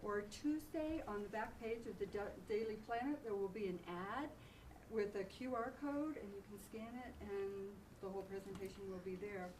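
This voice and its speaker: A woman's voice: mid-range voice, normal speed. Woman making announcements from a distant mic. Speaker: event host, introducing a speaker. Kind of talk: announcements and introduction. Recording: distant mic with audible room noise.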